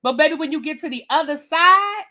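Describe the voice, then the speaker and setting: A woman's voice: high voice, fairly quick. A woman hosting a live reality-TV review stream on webcam, ranting bluntly and sassily straight at her viewers. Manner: animated, blunt and sassy, addresses viewers directly. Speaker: reviewer and channel host.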